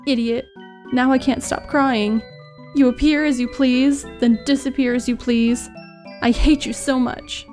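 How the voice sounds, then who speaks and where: A woman's voice: high voice, steady tone, a little slow, a little mellow, soft background music. Woman reading as a proud, hot-tempered teen heroine. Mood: upset. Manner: brusque, tender underneath. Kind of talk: reading game dialogue aloud.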